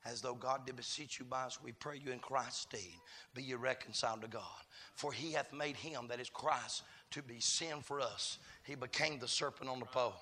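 A man preaching a sermon, swinging from quiet murmurs to shouted, chanted climaxes. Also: mid-range voice, steady tone, moderate pace.

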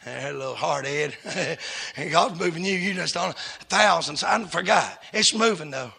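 Preacher man, high sharp gravelly voice, hushed then shouting, revival sermon. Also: moderate pace. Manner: swings from hushed storytelling to shouting, Southern US dialect.

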